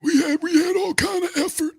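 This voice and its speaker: A man puts on a sobbing, whiny grown man, mocked in a thin, high falsetto. The lines come slow and drawn out, voiced from a step back from the mic, almost wailing. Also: steady tone, vocal fry, darkish tone, no echo, clean studio sound. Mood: mock weeping. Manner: mocking, high falsetto blubbering.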